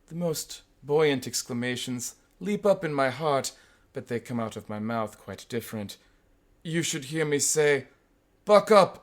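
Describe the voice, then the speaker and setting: A man voicing an older male professor who tells his story with a dry, wry wit, in a measured delivery with sudden bursts of pitch. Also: lightly acted. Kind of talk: audiobook character voice.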